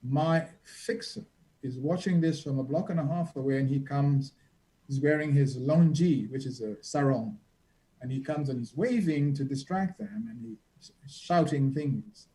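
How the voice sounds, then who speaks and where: A reporter appearing as a guest tells vivid stories from his travels in a dramatic, conversational way, acting out the quotes. His voice is fairly high and dark in tone, his pace measured, and the recording is low quality.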